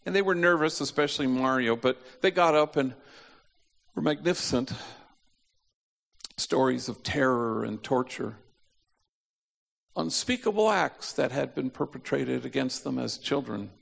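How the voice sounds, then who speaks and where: Gravelly male preacher in a reverberant hall. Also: mid-range voice. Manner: slows to a near hush on key phrases, acts out quoted voices. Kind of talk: sermon storytelling.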